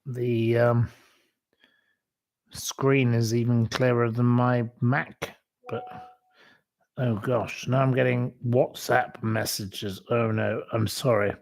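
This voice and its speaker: A man's voice: mid-range voice, little pitch movement, slow pace, vocal fry, long pauses, a little mellow, no echo. A man hosting a casual live stream, chatty and apologetic, swearing now and then as he runs a quiz over a computer microphone. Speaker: livestream host. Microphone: computer webcam mic.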